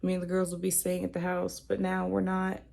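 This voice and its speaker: A woman's voice: lowish voice, monotone, fairly quick, creaky, a little mellow. A young woman talking to the camera in a personal vlog, emotional and tearful, rambling as she cries on and off. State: crying. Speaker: vlogger.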